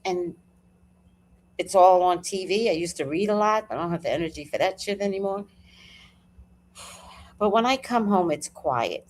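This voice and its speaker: A woman hosting a live talk, chatting casually and profanely, telling a personal story and acting out what people said. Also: on the low side. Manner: animated, profane, storytelling with acted-out quotes. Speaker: host. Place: at home.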